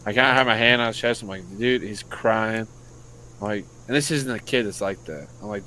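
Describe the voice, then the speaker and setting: A casual, profane American man spins a long story in a bright, sharp voice. His pitch sits a little low. A faint hiss runs under the recording. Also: a little fast, rough recording. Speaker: podcast co-host, youth football coach. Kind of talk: casual chat.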